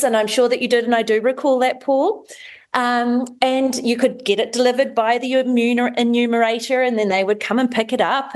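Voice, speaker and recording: Measured New woman explaining. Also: mid-range voice. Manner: informative, measured, with fillers. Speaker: regular radio contributor. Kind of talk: radio explainer chat.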